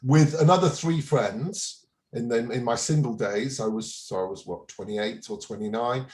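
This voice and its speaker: A man in his fifties, a guest on a talk show, telling a story in a relaxed, chuckling way with frequent restarts. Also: mid-range voice, moderate pace. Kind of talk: casual interview anecdote.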